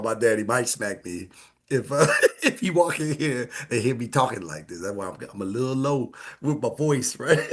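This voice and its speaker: In a casual live stream, a host addresses his audience with a lively, bouncing voice that swings from high to low. He's blunt and preachy, swears freely, laughs a lot, and keeps dropping back into a hushed tone.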